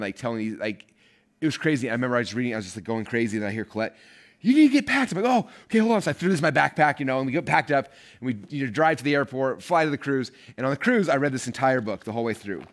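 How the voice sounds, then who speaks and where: At a quick pace and mid-level pitch, a man who speaks about online marketing shares a personal story with his audience in a casual way. He brings it to life by performing little snippets of what he used to say.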